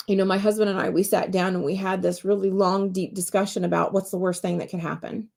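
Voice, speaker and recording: A woman's voice: medium pitch, little pitch movement, fast talker, vocal fry, hardly any pauses, a little mellow. A woman podcast host and medium telling a personal story in an earnest, candid, heartfelt way from her home office.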